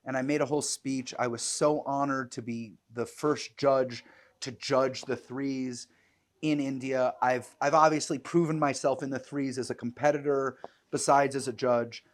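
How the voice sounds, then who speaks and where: A man, a dog sport judge, chatting casually on a podcast and telling lively stories, with many "you know" fillers. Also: mid-range voice, moderate pace.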